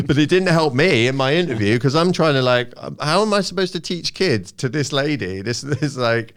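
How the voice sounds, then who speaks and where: A man's voice: medium pitch, lively intonation, moderate pace, clear, resonant tone. A young man in casual podcast chat, telling rambling, self-mocking stories into a studio microphone. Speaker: guest comedian.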